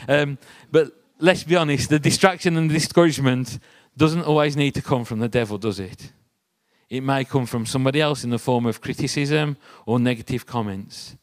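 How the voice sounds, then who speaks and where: Recorded dry at normal speed, a man with a mid-range voice preaches in a relaxed, talkative way. As a church speaker, he recounts something from his own life and keeps quizzing the congregation with rhetorical questions.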